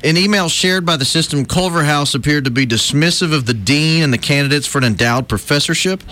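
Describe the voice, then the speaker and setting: Animated male talk radio host. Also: a little high, a little fast. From not from Alabama. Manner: animated, puts on mocking voices while telling stories.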